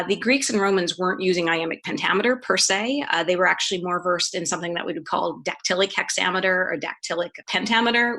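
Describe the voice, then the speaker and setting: A woman's voice: fairly low pitch, sharp tone. A woman guest on a podcast interview, explaining things step by step in a patient, conversational way with frequent small fillers. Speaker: podcast guest, poetry author.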